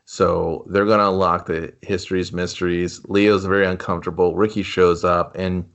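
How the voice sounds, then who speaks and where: A man's voice: low-pitched, flat delivery, normal speed, fairly bright tone, lo-fi sound. A man co-hosting a casual comedy movie review, sarcastic and profane as he recaps the plot. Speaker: podcast co-host.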